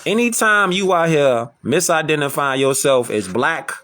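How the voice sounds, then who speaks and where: Man, high voice, lively swings in pitch, emphatic, preachy, rhetorical questions. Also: moderate pace. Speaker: online lecturer. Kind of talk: preachy commentary to camera.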